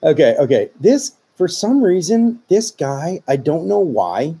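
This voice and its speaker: A man co-hosting a podcast, reading out listener stories in a halting, laid-back way. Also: a little high, very animated, dark tone, husky. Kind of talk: casual chat and reading aloud.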